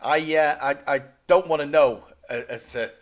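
A man's voice: on the high side, normal speed. A man hosting a casual podcast chat, jokey and rambling, often poking fun at himself. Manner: jokey, rambling, self-deprecating. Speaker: podcast host.

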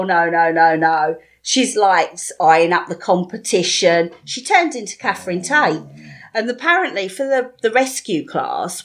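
A middle-aged woman co-hosting a podcast, chatting casually and telling lively stories with frequent laughs. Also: medium pitch. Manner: lively storytelling, animated, laughs often. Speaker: podcast co-host. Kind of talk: casual chat.

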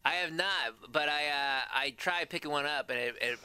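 Bright, sharp-voiced man chiming in. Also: fairly high pitch, normal speed, clean tone, dry recording. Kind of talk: casual banter.

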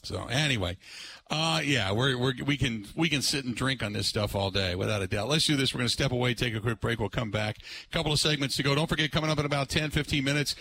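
A man hosting live sports talk radio from a remote broadcast, rambling with lots of fillers and bursts of excitement. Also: mid-range voice, fast.

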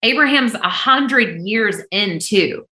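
A woman worship singer, a guest on a remote call, sharing her faith in an earnest, emphatic, deliberate way. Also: mid-range voice, animated, pushed and bright, echoey room, low-quality recording. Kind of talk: heartfelt faith testimony in conversation.

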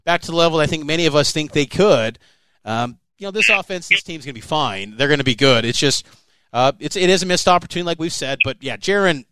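A man's voice: fast talker, smooth, no room sound. A man co-hosting a sports podcast, talking casually and emphatically about a college football game. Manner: animated, emphatic, pitch jumping up on key points. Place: on location, flew in for the game.

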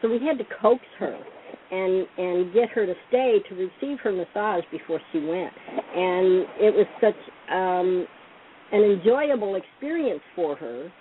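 A woman speaks calmly and matter-of-factly as she recounts stories from her massage work. Her voice comes over a tinny phone line with faint background hiss. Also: medium pitch, a little slow. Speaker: massage therapist guest. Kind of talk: casual interview storytelling.

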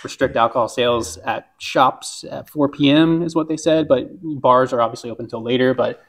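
A man's voice: mid-range voice, normal speed. A man co-hosting a travel industry podcast, chatting casually and reading news items. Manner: conversational, reads travel news segments. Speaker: podcast co-host.

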